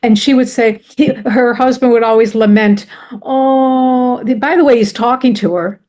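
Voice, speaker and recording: A woman's voice: fairly high pitch, brisk, a little mellow. A woman telling a personal story with earnest emotion, often restarting her sentences. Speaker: presenter.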